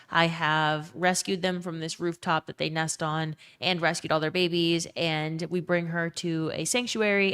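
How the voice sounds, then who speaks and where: Chatting casually with viewers, a woman live streamer answers her chat and shares a tender story. Her voice is fairly low yet fairly bright, clear and resonant, and her speech is peppered with "um," "like," and a bit of swearing.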